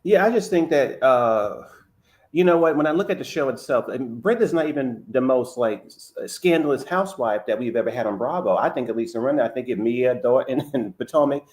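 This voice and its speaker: Animated man chatting gossip. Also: medium pitch, brisk. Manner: animated, repeats words and restarts. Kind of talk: casual gossip chat.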